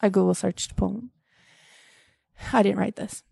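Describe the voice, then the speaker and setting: A woman's voice: medium pitch, fairly even intonation, unhurried, gravelly, warm tone, breathy edge, dry recording, studio quality. A young woman hosting a comedy podcast, rambling earnestly and a little teary, with scattered, self-interrupting talk. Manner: scattered, earnest, breaks into off-key singing. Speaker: podcast host. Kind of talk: comedic improvised podcast bit.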